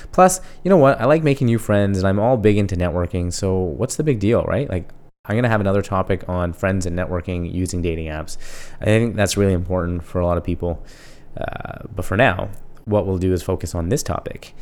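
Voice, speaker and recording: A man hosting a casual solo podcast, asking himself questions and answering them in a jokey, animated way. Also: deep voice. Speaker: podcast host.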